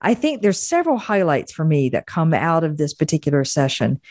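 Low-voiced woman podcast host, dry sound. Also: big pitch swings, brisk, no room sound. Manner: warm affirming, summarizing. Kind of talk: interview and show wrap-up.

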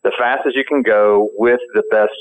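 A man's voice: on the low side, steady tone, moderate pace. A man being interviewed as a guest, talking casually and thinking aloud with many fillers. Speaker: guest, firearms company founder. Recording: tinny phone line.

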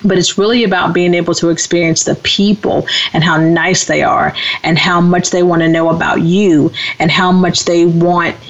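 Animated woman telling a travel story, lo-fi. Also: fairly low pitch, normal speed, few pauses. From United States. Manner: animated, acts out quoted voices. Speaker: co-host. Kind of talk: casual storytelling. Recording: dull lo-fi radio-show audio.

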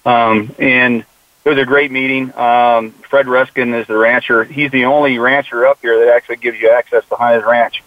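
A man's voice: mid-range voice, little pitch movement, normal speed, no room sound. A man who mentors young hunters tells stories in an earnest, conversational way and often quotes what he tells the kids. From United States. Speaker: mule deer conservationist and youth hunting mentor. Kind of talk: casual conversational interview. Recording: tinny phone-like dry sound.

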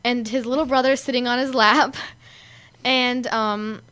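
Giggly high-voiced young girl co-host. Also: fairly even intonation, unhurried, a bit bright, smooth. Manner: giggly, mimics voices while retelling videos. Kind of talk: casual chat on a kids' radio show.

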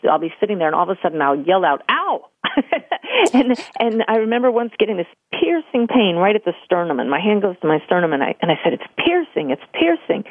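A woman's voice: lowish voice, breathy edge, dry recording. An older woman speaks as a medium in an interview, her voice thin and tinny like a telephone line. She tells stories animatedly and slips into the voices she quotes. The sound is dry and close. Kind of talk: conversational interview storytelling. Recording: tinny phone-line audio.

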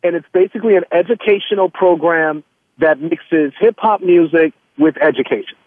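A man's voice: fairly high pitch, moderate pace, dry recording. A man who is a musician, a guest in an interview, speaking earnestly and spelling out names and web addresses. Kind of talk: casual interview talk. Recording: tinny dry phone line.

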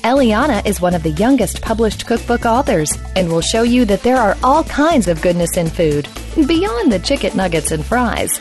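A woman's voice: mid-range voice, very animated, normal speed, hardly any pauses, a little mellow, faint music behind. A woman reading scripted station promos in an upbeat, polished way. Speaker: station announcer.

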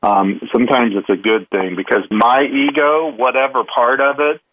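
A man telling a candid personal story as a guest, halting with many restarts and fillers. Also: mid-range voice, fairly even intonation, slight background noise. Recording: tinny phone line.

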